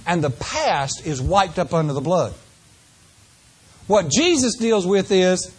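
A man preaching a sermon to a congregation, asking them questions and shifting between slow, drawn-out phrases and quick runs. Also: high-pitched, very animated, breathy edge. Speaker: pastor.

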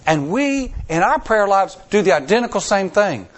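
A male pastor preaching a sermon in a folksy way, repeating lines for emphasis and swinging from hushed, slow passages to loud, high-pitched pleas. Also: very animated. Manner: dramatic swings from hushed to near-shouting.

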